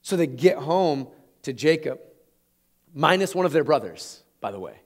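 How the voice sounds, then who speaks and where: A man preaching a sermon, retelling a scripture story in an animated, conversational way with chuckles. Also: a little high, normal speed. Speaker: pastor.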